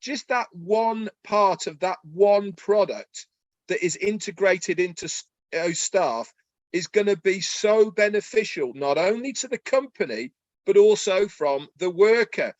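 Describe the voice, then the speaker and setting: High-pitched guy hyped up pitching stuff on a webinar call, dry sound. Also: unhurried, no echo, dull audio. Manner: excited, pitching. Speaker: webinar presenter. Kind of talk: promotional webinar talk.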